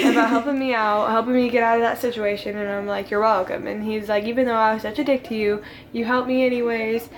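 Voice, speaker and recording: Speaking briskly with fairly even intonation, this vlogger's voice sits on the high side. She's a teenage girl at a friend's home doing a casual storytime for the camera, rambling, laughing, and saying "like" constantly.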